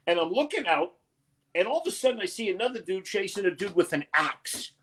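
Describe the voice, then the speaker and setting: A man doing a loud, brash and profane stand-up set over a video call. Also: high-pitched, very animated, fairly quick, slightly rough. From Connecticut. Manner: loud, brash and profane, with sudden shouted bursts. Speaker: stand-up comedian.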